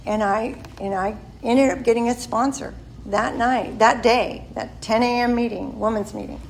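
A woman's voice: a little high, fairly even intonation, normal speed, gravelly, slight background noise, poor audio. A woman in her sixties giving a candid, self-deprecating personal testimony at a recovery meeting. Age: 60s. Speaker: member sharing at a recovery meeting.

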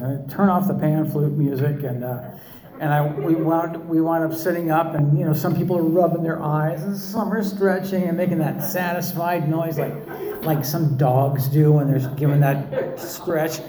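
A middle-aged man telling his recovery story to a meeting audience, with wry, self-mocking humor and halting restarts. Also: on the high side, echoey room, rough recording.

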